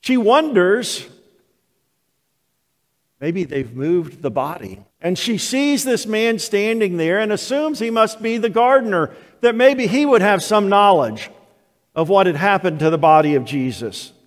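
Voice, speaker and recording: An older man preaching a sermon as pastor, telling the story slowly and deliberately. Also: high-pitched, lively intonation. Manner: slow, deliberate storytelling delivery. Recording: long hall reverb of a church.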